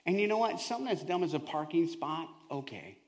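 A male pastor preaching a sermon with animated storytelling, swinging from loud to hushed. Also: fairly high pitch, a little fast.

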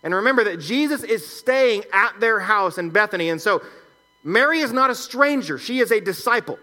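Bright-voiced man preaching a sermon. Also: high voice, animated, normal speed, soft background music. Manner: conversational teaching, reads scripture aloud and comments. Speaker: pastor.

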